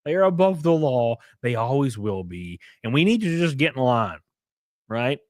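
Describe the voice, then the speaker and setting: A man's voice: medium pitch, sing-song, moderate pace, a little mellow, no echo, clean studio sound. A man hosting a casual commentary stream, ranting sarcastically and swearing freely. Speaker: streamer host.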